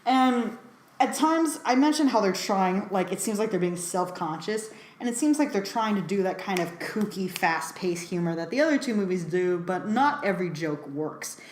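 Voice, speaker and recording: A woman's voice: mid-range voice, animated, normal speed, darkish tone, echoey room, a little hiss or hum. A woman giving a casual film review, talking chattily with lots of fillers and frequent laughs.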